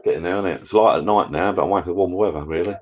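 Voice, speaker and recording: A man's voice: low voice, very fast, lo-fi sound. A middle-aged man, chatting casually and rambling in a matey way as host of a livestream from his garden bar shed. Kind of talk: casual livestream chat with viewers.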